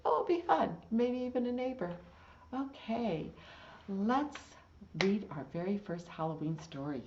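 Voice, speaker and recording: A woman's voice: medium pitch, animated, measured pace, noisy background. A woman leading a children's storytime, reading a picture book and chanting rhymes in a playful, encouraging way. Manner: playful, sing-song, encouraging. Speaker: children's librarian. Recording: dull lo-fi recording.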